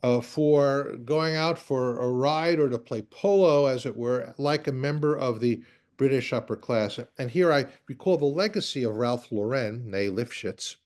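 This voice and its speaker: A man, a rabbi, lecturing to a class as he walks through slides. His voice sits at a medium pitch, and he keeps a conversational tone with dry, joking asides. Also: darkish tone.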